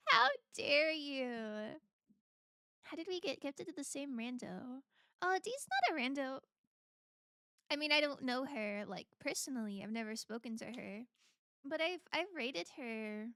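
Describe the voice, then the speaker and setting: A woman's voice: high-pitched, a bit bright, no room sound, studio quality. A woman streamer chatting casually with her viewers, laughing often between lines. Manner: giggly, chatty, talks while eating.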